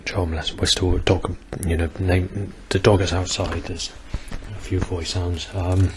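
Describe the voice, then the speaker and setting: Deep-voiced man in his forties, halting and rambling, video diary. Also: flat delivery, noisy background. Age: 40s. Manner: hesitant, rambling, many ums. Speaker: vlogger. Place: outdoors near a busy bus station.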